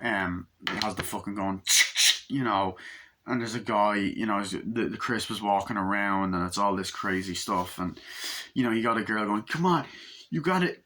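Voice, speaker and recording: A man's voice: fairly low pitch, steady tone, normal speed, pushed and bright, a little hiss or hum. A young man casually recapping and reviewing a film, rambling, swearing, and acting out lines in raised voices. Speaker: movie reviewer.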